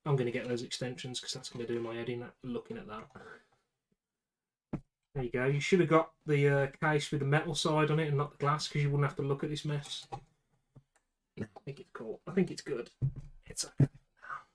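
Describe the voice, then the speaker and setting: A man's voice: mid-range voice, fairly even intonation, fairly quick, pauses often, slight background noise, poor audio. A man with a British accent chatting casually to himself and the camera while building a computer, with muttered asides. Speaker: PC builder vlogger.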